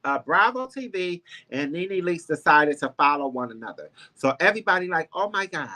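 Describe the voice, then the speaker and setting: On his celebrity gossip stream, a man with a highish, bright, forceful voice talks a little fast with lively intonation. He sassily chats with viewers, calling them "girl" and "honey," rambling through ums and restarts.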